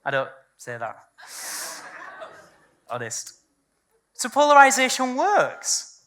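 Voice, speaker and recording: A woman's voice: high-pitched, wildly swooping pitch, takes it slowly, a bit bright. A woman giving a live business talk to a room, blunt and candid and swearing freely. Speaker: seminar speaker. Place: event room with a live audience.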